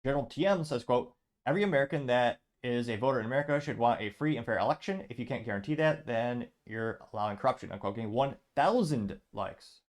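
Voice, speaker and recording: A man's voice: mid-range voice, fast, few pauses. A man hosting a show, casually reading online comments aloud and adding dry asides. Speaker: show host.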